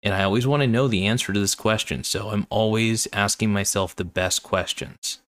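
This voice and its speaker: Guy kinda sleepy, yawning, low voice, rambles on and repeats stuff. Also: fairly even intonation, normal speed. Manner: rambling, repetitive, earnest. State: tired, yawning. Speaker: podcast host. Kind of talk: casual solo talk.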